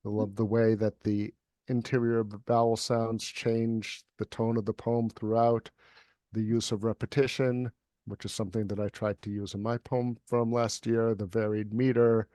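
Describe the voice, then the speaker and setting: A man's voice: on the low side, flat delivery, normal speed, warm tone, no room sound. A man and poet giving an emphatic, rhythmic poetry reading over a video call, then chatting about the poem. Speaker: poet reading at a livestream event. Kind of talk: dramatic poetry recitation, then casual chat.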